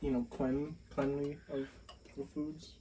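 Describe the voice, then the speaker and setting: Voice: mid-range voice, flat delivery, a little slow, mellow, distant mic, a little hiss or hum, rough recording. A guest at a casual mukbang in a home kitchen, playful and self-mocking.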